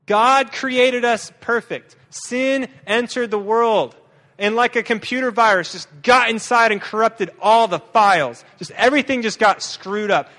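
A man giving a sermon as a guest preacher, lively and humorous, often restarting his sentences. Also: high voice. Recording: long reverb of a large hall.

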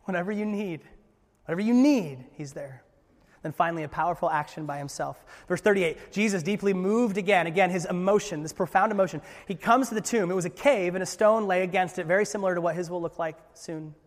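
Male pastor, sermon, high voice, long hall reverb, earnest with jokey asides. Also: fast. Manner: earnest, jokey asides, swings from loud to hushed. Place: church hall.

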